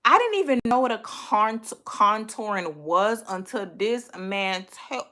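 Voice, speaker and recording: A woman hosting a livestream, telling a story in an animated, profane, exasperated way. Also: medium pitch, measured pace. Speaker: livestream host.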